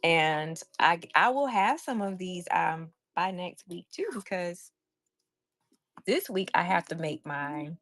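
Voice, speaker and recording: A woman running a casual live stream where she sells handmade crafts. She is loud and excitable and chats with viewers in the chat. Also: lowish voice, slow pace. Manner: loud, by her own word.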